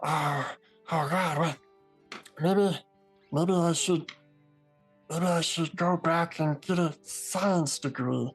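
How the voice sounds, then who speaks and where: A small goblin captain, frantic and self-doubting, squeals in a high, strained voice that breaks into whimpers as a man puts him on. He sounds cornered and unsure of everything. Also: slow pace, pauses often, breathy edge, soft background music, heavily acted. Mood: despairing. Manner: shrieking, then whimpering in despair.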